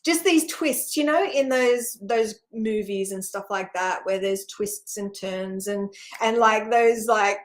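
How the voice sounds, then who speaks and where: A woman's voice: medium pitch, slow. A middle-aged woman hosting a spiritual channel, talking casually and rambling, with many fillers and frequent laughs.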